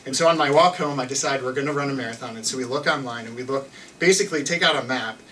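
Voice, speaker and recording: On a theater stage before an audience, a young man tells a personal story in a loose, self-mocking style, restarting often and using lots of fillers. His mid-range voice is quick and sharp, picked up by a distant mic in a rough recording with slight background noise.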